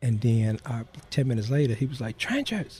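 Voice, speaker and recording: A man being interviewed, recounting a personal story in a halting way, full of "you know" fillers. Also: medium pitch, steady tone, warm tone, a little hiss or hum. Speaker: interview guest.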